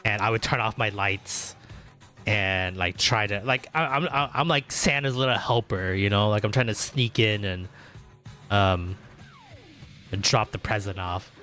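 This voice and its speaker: Guy streaming games, chatty n rambly, lots of like and um, swears, yells when excited, bright voice. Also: fairly low pitch, unhurried, soft background music. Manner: rambling, many fillers and restarts, swears freely; bursts into loud excited exclamations. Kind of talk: casual livestream chat while gaming.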